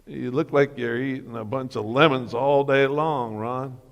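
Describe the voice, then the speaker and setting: A man's voice: mid-range voice, steady tone, a little slow. A man giving a motivational talk as guest speaker at a church men's breakfast, telling stories with humor and acting out the dialogue. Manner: storytelling that acts out dialogue with humor. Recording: reverberant hall.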